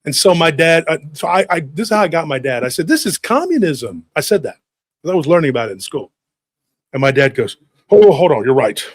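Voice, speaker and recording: A man in his forties casually telling a lively childhood story, acting out family members' voices along the way. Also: fairly high pitch, quick pace, dry recording.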